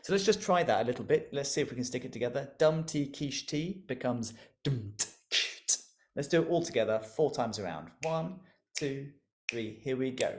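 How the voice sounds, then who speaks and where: A man in a mid-range voice leads an interactive music lesson over a video call. He is warmly encouraging and playful, coaxing listeners to repeat sounds and actions after him. He breaks into easy laughter between instructions. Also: medium pitch, expressive, moderate pace, noisy background. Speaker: music educator leading an online workshop.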